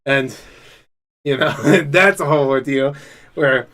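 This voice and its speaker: A man co-hosting a casual podcast chat, telling a rambling, profane story that turns loud and laughing when he gets excited. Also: medium pitch, slow. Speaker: podcast co-host.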